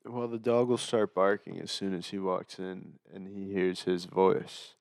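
A young man co-hosting a podcast, telling stories to friends in a lively way with plenty of swearing. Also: low-pitched, unhurried, gravelly, dry recording. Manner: animated storytelling, swearing. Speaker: podcast co-host. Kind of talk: casual chat among friends.

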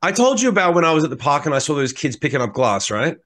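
A man's voice: a little high, quick pace. A man on a podcast telling stories in casual chat, swearing freely and acting out what people said. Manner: animated storyteller, swears freely, acts out quotes. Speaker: podcast co-host.

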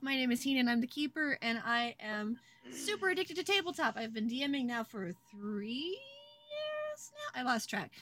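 A young woman hosts a tabletop game stream in a high, bright voice. She rambles cheerfully through announcements and keeps breaking into giggles. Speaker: game master and stream host. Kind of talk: casual stream intro.

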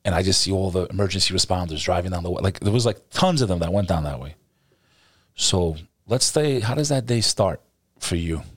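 A man's voice: low-pitched, animated, brisk, no echo, clean studio sound. A man hosting a casual interview, asking leading questions in a conversational way. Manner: conversational, leading questions, talks over guest. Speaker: podcast host.

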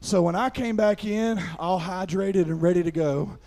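A middle-aged pastor with a high-pitched voice preaches at a moderate pace, telling a folksy personal story. He sprinkles in frequent "amen"s and builds up to loud preaching.

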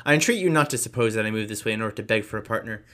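A man's voice: lowish voice, animated, very fast, fairly bright tone. A man reading the lines of a witty, spirited young woman who declines firmly.

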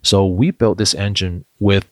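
A man's voice: low voice, steady tone, measured pace, no echo. A man, a company founder, answering interview questions in a chatty storytelling way, full of fillers and restarts. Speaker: edtech founder, guest. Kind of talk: interview conversation.

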